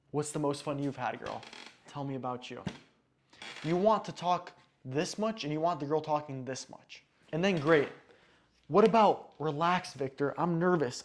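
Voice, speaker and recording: A man giving dating advice to the camera in short, emphatic commands, sometimes acting out slow, relaxed lines. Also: a little high. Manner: acts out relaxed date lines slowly. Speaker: dating coach. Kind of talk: direct-to-camera advice talk.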